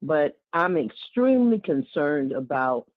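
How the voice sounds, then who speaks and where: A woman with a lowish voice calls in over a tinny phone line, close and dry. She speaks in a heartfelt, casual way, circling back over her words as she goes. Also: very animated, measured pace, no echo. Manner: heartfelt, with warm asides and repeated words. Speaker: caller. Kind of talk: casual call-in talk.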